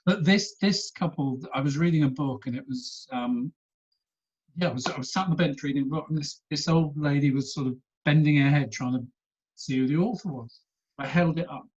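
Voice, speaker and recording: A man's voice: a little high, brisk, a little mellow, husky, highs cut off. A man telling stories animatedly as a guest, laughing often. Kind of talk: casual storytelling chat.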